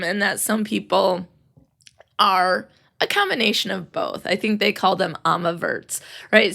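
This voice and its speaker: Chatty woman podcast host, gravelly edge. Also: mid-range voice, bright, forceful tone. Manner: chatty, laughs often, acts out quotes. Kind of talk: casual podcast chat.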